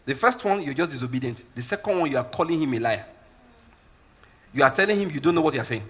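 Nigerian pastor, male, forceful husky voice, preaches emphatically with constant check-ins. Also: a little high, animated, fast. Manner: emphatic, keeps asking the listeners if they follow. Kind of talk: sermon.

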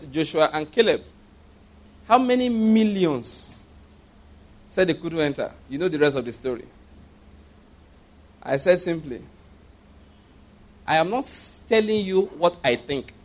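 A man's voice: on the high side, lively intonation, unhurried, long pauses. A man preaching a sermon as a story, repeating himself for emphasis, checking in with his listeners and chuckling along the way. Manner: chuckles often while telling.

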